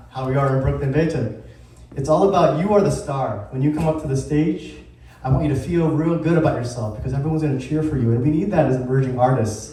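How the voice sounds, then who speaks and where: A man's voice: mid-range voice, warm tone. A man in his thirties, the founder of a community group, giving an upbeat anniversary talk to a live audience and asking the crowd questions. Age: 30s. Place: event space with live audience. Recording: very echoey room, heard from a distance.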